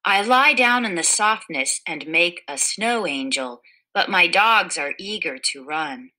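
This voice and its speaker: A woman reads a children's picture book aloud, taking her time over every phrase. Her voice is bright and forward, and she tells the story gently, lifting the quoted lines so they stand out. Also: fairly low pitch, expressive, measured pace, poor audio. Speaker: storybook reader.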